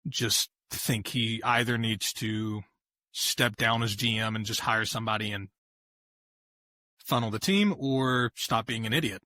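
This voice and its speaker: Playful male sports co-host, bright forceful tone, dry close mic. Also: fairly low pitch, measured pace, no echo. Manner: joking, tries silly voice impressions. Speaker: podcast co-host. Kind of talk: casual sports chat.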